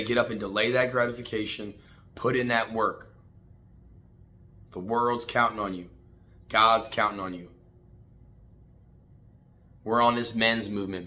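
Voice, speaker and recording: Hosting a casual morning motivational talk, a man swears freely and preaches at his listeners, calling them "man" and "baby" in a profane, fired-up way. His voice is lowish, pushed and bright.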